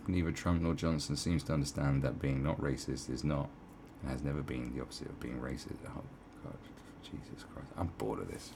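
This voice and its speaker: Deep-voiced sarcastic man. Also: fairly even intonation, brisk, gravelly, mellow, a little hiss or hum. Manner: sarcastic, swearing, mocking asides. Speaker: online commentator. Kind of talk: casual commentary reading an article aloud.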